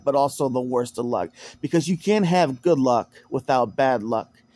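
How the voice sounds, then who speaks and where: Speaking at a normal speed, this man tells a rambling personal story with lots of repeated words and restarted sentences. His mid-range voice is a little mellow, with lively intonation, in a casual spoken monologue.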